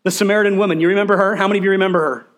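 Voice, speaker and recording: Animated high-voiced male preacher. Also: racing. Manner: asks the congregation questions, emphatic and animated. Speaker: pastor. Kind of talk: sermon.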